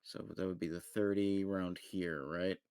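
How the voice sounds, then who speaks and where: A man's voice: sits low, fairly even intonation, unhurried, a little mellow, clean tone, no room sound, clean studio sound. A man playing in a tabletop role-playing game, talking hesitantly with many fillers. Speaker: player. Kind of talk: casual play over voice chat.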